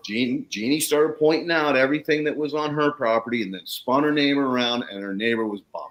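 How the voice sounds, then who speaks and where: A man with a medium-pitched voice talks fairly quickly, and the recording has its highs cut off. He works on soil and landscapes and is a guest on a talk show, casually telling a story with swearing. He's animated and profane, acting out the voices of the people he quotes.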